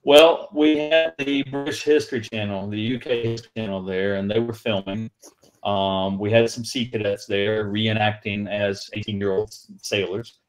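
A man with a fairly low voice tells a long story over a livestream video call. He rambles, stops and restarts often. His feed breaks up now and then. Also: steady tone, soft background music, rough recording. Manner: rambling, halting anecdote with many restarts.

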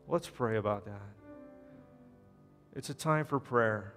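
A man's voice: on the low side, takes it slowly, long pauses. A male pastor telling a story in his sermon and leading an altar call in a church. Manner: storytelling, earnest, drops soft at invitation. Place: church sanctuary. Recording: long church reverb, faint music.

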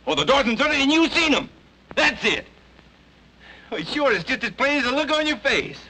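A man's voice: mid-range voice, expressive, a little fast, bright, forceful tone, slight background noise, poor audio. A drawling young woodsman. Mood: accusing. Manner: drawling, pressing hard. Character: determined young Southern woodsman. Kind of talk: 1940s film acting.

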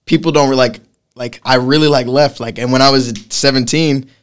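A man's voice: medium pitch, steady tone, a little fast, smooth. A man in his twenties from Massachusetts, a podcast guest talking in a rambling, casual way, full of restarts. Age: 20s. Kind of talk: casual chat.

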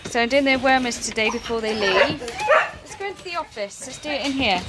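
High, sing-song woman coaxing puppies. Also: very animated, brisk, very noisy. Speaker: dog breeder. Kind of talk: talking to puppies while handling them. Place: kennel yard and office with puppies.

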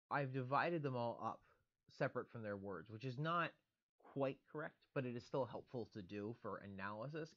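Methodical male lecturer, lo-fi recording. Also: mid-range voice. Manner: methodical, explains step by step with fillers.

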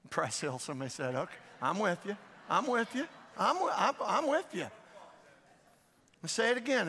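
A man gives a Sunday sermon in a loose, conversational way, repeating himself and checking in with the congregation as he goes. His voice is fairly high and bright. Long reverb from a large church sanctuary trails behind every sentence. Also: creaky. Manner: conversational, repeats phrases, prompts the congregation with questions. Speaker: pastor.

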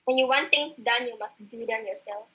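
A woman's voice: a little high, brisk, fairly bright tone, low-quality recording. A woman gamer chatting casually while playing, complaining about teammates in a mock-formal way. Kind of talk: casual gaming chat.

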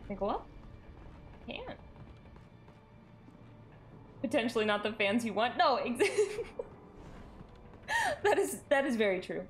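At a desk microphone, a woman with a fairly high voice live-streams a game and talks to viewers a little slowly, pausing often. She reacts in animated, jumpy bursts of shrieks and laughter, with faint music playing behind.

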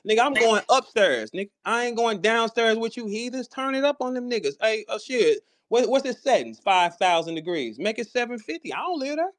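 A man's voice: extremely high pitch, lively intonation, fairly quick, hardly any pauses, a bit bright. A man, boasting and trash-talking in a profane, swaggering way during a live audio-room argument. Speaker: battle rapper hosting a live audio chat. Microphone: phone or computer mic on a live audio room.

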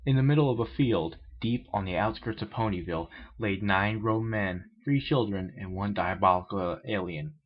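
A man's voice: lowish voice, moderate pace, few pauses, dull audio. A man casually reading a crude fan story aloud, often stumbling over words. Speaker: reader of fan fiction.

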